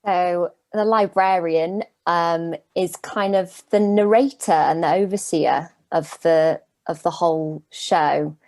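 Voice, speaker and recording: An actress answering interview questions about her role over a video call, chatty and lively, laughing now and then. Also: on the low side, slow, few pauses, dry recording. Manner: lively, laughs while explaining.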